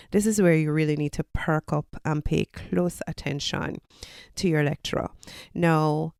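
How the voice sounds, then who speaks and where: A woman's voice: deep voice, vocal fry, darkish tone, no echo, clean studio sound. A Jamaican woman, a podcast host and college lecturer, giving casual advice in an explanatory, teacherly way. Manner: explanatory, teacherly, with personal anecdotes.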